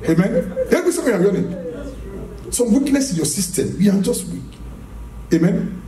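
A very animated man with a high-pitched voice preaches at a moderate pace in a church hall, heard from a distance with heavy echo. His charismatic sermon is full of emphasis, repeated phrases, rhetorical questions to the congregation and frequent laughter.

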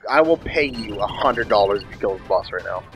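Excitable profane young man, bright lively voice. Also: on the low side, fast, faint music behind. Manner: excitable, profane, cheering and heckling. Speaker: co-host watching a playthrough. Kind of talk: casual let's-play banter.

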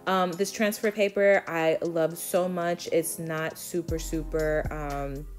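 Low-pitched woman with a Brooklyn accent, chatty DIY vlogger walking through steps, soft music underneath. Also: fairly even intonation, takes it slowly. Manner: chatty, step-by-step, frequent ums. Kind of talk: casual tutorial voice-over.

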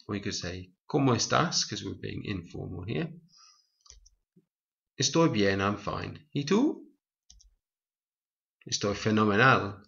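A man teaching a Spanish lesson, reading example lines slowly and explaining each step clearly. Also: fairly low pitch, expressive, a bit bright, dull audio. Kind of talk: recorded language lesson.

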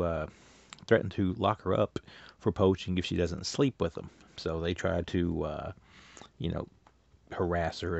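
A man's voice: deep voice, creaky, a little mellow, no room sound. A man casually reviewing a movie on video, rambling loosely and leaning on filler words. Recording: dull lo-fi sound, dry.

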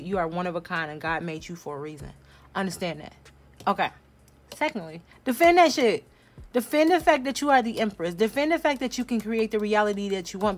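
Blunt, forceful woman tarot reader. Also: fairly low pitch. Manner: blunt, forceful, swears freely. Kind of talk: casual tarot reading. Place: home room.

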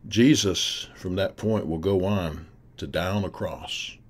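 A man's voice: low voice, unhurried. A man preaching an earnest, encouraging sermon for a recorded video, repeating his key phrases. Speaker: pastor. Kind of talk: recorded sermon to a youth camp.

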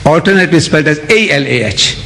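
A man from India, raised in South Africa, giving an animated public religious lecture, spelling words out letter by letter and mimicking others. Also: a little high, fast talker, vocal fry. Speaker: Islamic lecturer.

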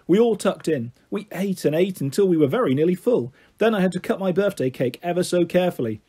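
A man narrating a children's book in a gentle, steady reading voice. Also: sits high, a little fast, slightly rough. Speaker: storyteller.

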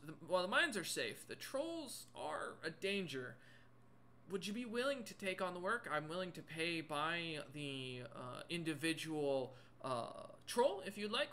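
A man's voice: a little high, bright, forceful tone, slight background noise. A man voicing a tall male monster merchant who speaks politely with a lot of hesitation and stammering.

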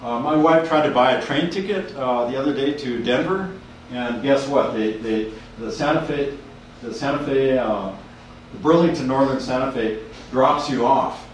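A man lectures about slides in a loose, halting way, restarting his sentences often. He is picked up from afar in a very echoey room, with faint room noise behind. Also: medium pitch, recorded from a distance. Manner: rambling, hesitant, many restarts. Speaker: university professor giving a talk.

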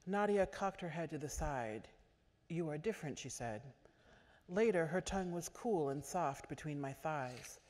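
A woman author giving a measured literary reading at a stage microphone in a large auditorium. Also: deep voice, a little mellow. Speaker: author reading her fiction. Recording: echoey auditorium.

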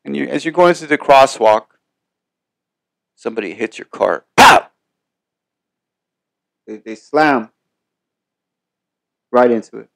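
A man's voice: mid-range voice, unhurried, vocal fry, long pauses, dry recording. Profane, rambling male podcast host. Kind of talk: casual motivational monologue.

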